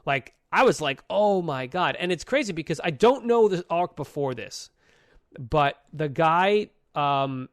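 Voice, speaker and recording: A man co-hosting a casual podcast, retelling a story in a lively, profane way with sudden jumps in pitch. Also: a little slow, no echo, clean studio sound. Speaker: podcast co-host.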